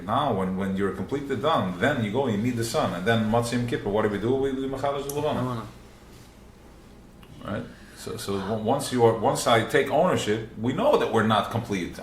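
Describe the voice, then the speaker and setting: In a room with a small group, a man with a lowish voice teaches a religious class live, earnestly repeating himself and dramatizing inner voices. The roomy live recording has slight background noise.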